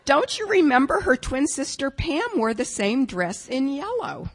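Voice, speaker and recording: A woman voicing her grown daughter, who speaks in a soft, loving, patient way. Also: sits high, sing-song, measured pace, pitched above the performer's own voice. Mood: gentle. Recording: long reverberant hall.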